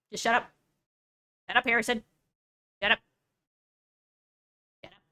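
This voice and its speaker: A woman's voice: mid-range voice, bright, forceful tone. A young woman streaming, reacting to a video with casual, sarcastic jokes. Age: young adult. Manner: joking, sarcastic asides.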